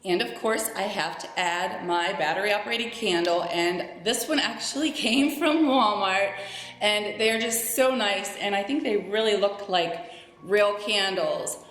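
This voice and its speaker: A woman's voice: medium pitch, a little slow. A woman chatting upbeat to her viewers as she decorates her home, talking them through each step. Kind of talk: casual decorating tutorial narration. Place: her home living room. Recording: very echoey room with soft background music.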